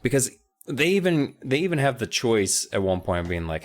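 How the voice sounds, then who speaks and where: A man's voice: medium pitch, big pitch swings, a little fast. A man co-hosting a podcast, casually and comically recapping a book with lots of rambling asides. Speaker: podcast co-host.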